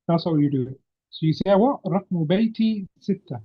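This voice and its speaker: A man's voice: high voice, animated, quick pace, slightly rough. A man teaching an Arabic grammar lesson over a video call, patiently quizzing his student. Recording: muffled video-call audio.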